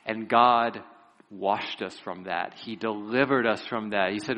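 A man preaching a sermon who retells a Bible story vividly, with lively asides and an earnest, pleading tone. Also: fairly low pitch, unhurried, lo-fi sound.

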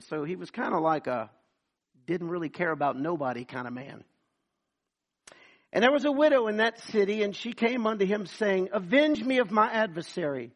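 A man with a high voice preaches to his congregation. He calls out to the people and acts out the voices of the people in his sermon. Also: fairly bright tone. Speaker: pastor.

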